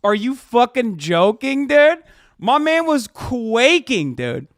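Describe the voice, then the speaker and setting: A man's voice: very high-pitched, sing-song, slow pace, dry recording, clean studio sound. Heated, profane male streamer. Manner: heated, profane, sarcastic rant. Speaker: livestream host. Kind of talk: reacting to a debate clip.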